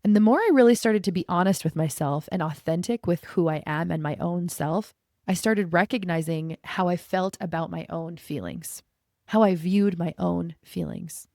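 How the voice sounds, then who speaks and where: A middle-aged woman hosts her own podcast, thinking aloud in a relaxed, conversational way. Her voice sits low with a gravelly edge. The recording is dry, with no room sound. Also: moderate pace, no room sound. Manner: casual, reflective, conversational with frequent "like". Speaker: podcast host and coach. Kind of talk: solo podcast talk.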